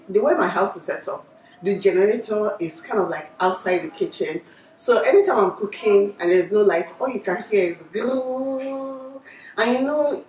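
A woman's voice: fairly low pitch, darkish tone, distant mic, slight background noise. Chatty Nigerian woman in an echoey kitchen. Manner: chatty, laughing easily. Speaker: cooking vlogger. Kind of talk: casual vlog chat. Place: home kitchen.

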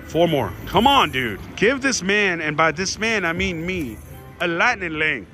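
His voice sits high as he films himself playing slot machines on a casino floor, slot music playing behind. Lively and joking, he shouts at the machine and cheers the reels, swinging fast between moods.

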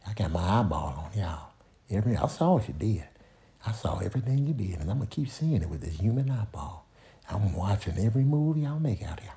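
Man voicing a dark, staring watchful critter. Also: lively intonation, a little fast. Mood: suspicious. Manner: low, insistent, repeats himself. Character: watchful male animal, suspicious and staring.

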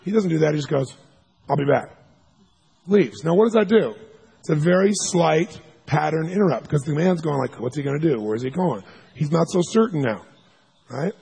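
A man giving a seminar talk, telling stories in an animated way and acting out the people he quotes, sometimes with sudden loud shouts. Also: a little high, moderate pace, gravelly, husky. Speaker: seminar speaker. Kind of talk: storytelling lecture.

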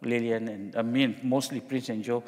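A middle-aged man from Singapore, a pastor preaching and telling a personal story in a joking, halting way. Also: medium pitch, fairly even intonation, darkish tone, in a large hall. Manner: jokey storytelling, many restarts. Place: church hall.

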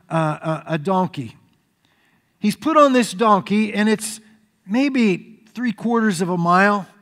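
A man preaching a sermon as pastor, telling the story in an animated way. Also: sits high. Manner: animated storytelling preacher, acts out crowd shouts. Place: church sanctuary. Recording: reverberant church hall.

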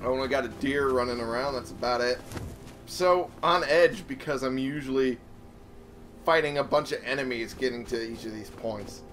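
A man's voice: medium pitch, moderate pace, a bit bright. A young man giving casual, chatty gameplay commentary, thinking aloud and swearing freely. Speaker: let's play host. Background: game music.

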